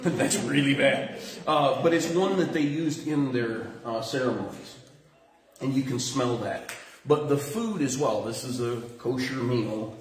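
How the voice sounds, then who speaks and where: Man, pastor, sermon, animated storytelling, roomy echo. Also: unhurried. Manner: animated storytelling, lively pitch swings. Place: church room. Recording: roomy echo with faint noise.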